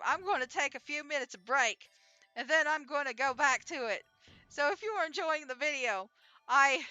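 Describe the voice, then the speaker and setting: A woman's voice: high voice, bright, forceful tone, no echo. A woman streamer giving casual commentary over a video game, laughing a lot and apologizing for it. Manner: giggly, laughs hard and keeps apologizing. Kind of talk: casual let's-play commentary.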